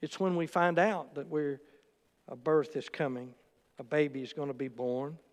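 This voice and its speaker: A man's voice: fairly high pitch, steady tone, moderate pace, long reverb tail. A man preaching a sermon, telling stories and quoting in a storytelling manner. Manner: storytelling with quotes and asides.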